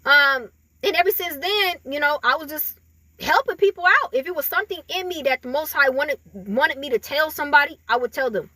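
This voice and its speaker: High, bright-voiced chatty woman. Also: animated, a little fast, no room sound. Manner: chatty and rambling, with frequent fillers and laughs. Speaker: spiritual reader. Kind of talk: casual spiritual reading addressed to viewers.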